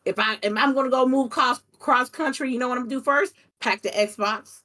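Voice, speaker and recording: Brief: young woman guest, lively storyteller, casual and candid. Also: high voice, fairly quick. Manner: animated storytelling, swears casually. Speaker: content creator guest. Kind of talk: casual interview chat.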